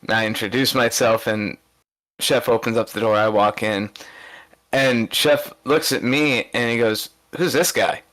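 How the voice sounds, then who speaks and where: A man's voice: mid-range voice, fairly even intonation, unhurried, fairly bright tone, rough recording. A man co-hosting a podcast, telling casual stories with lots of restarts and fillers. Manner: rambling anecdotal storytelling with many restarts. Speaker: podcast co-host. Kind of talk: casual chat.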